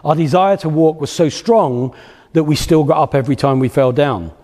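Speaking at normal speed with a darkish tone on the high side, a man presents a motivational business talk at a live event. The lecture hall's long reverb surrounds his anecdotes and rhythmic repeated phrases.

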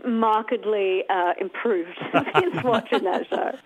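A woman's voice: medium pitch, slow pace. A woman from Australia, a singer guest, chatting and laughing through stories on a radio interview. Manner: giggly, chatty storyteller with lots of fillers. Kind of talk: casual radio interview chat. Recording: tinny phone-like line.

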